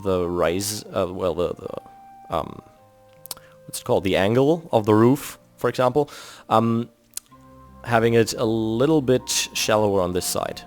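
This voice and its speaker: A man's voice: on the low side, measured pace, darkish tone. A man from Germany with a German accent, thinking aloud and explaining step by step as he builds in a game. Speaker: video game builder host. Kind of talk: casual commentary while building in a game. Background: faint background music.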